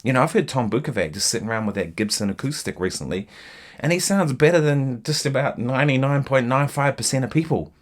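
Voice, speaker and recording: A man giving a casual guitar lesson, chatting in a relaxed, rambling way with lots of fillers and asides, guitar in hand. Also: mid-range voice, fast. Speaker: guitar teacher. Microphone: single mic, holding guitar while talking.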